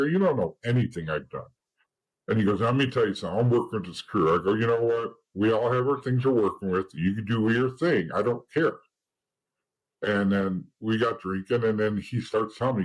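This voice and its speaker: A man with a husky, slightly low voice talks as a guest in an interview. He tells his stories bluntly and casually, swears freely, and acts out the lines of the people in them. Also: poor audio.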